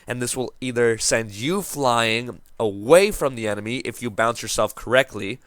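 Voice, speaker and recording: A man's voice: mid-range voice, normal speed, a bit bright, no room sound, clean studio sound. A young man giving casual, upbeat commentary as he explains how to play a game hero, joking around with a just-woken-up morning voice. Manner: joking, upbeat, self-mocking. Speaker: game guide host.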